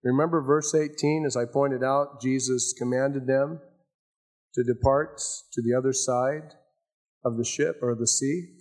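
An older man preaching a sermon as pastor, swinging between raised emphasis and hushed asides. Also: medium pitch, steady tone, measured pace.

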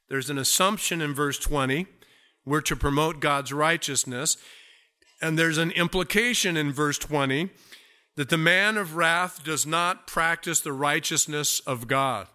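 A man preaching a sermon as pastor, slow and deliberate, stretching out key words for emphasis. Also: on the high side, sharp tone.

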